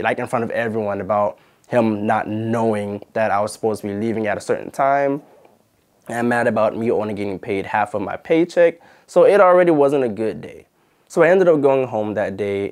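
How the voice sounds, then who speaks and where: A man hosting his channel, telling a personal story in a chatty way with lots of fillers. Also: fairly low pitch. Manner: chatty, retells arguments, many fillers. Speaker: YouTube channel host. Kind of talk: casual storytime vlog.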